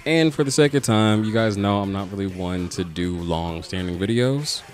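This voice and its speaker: A man's voice: lowish voice, normal speed, very noisy. A young man hosting a comic book podcast, narrating a video essay in a casual, joking way with some swearing. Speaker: podcast host.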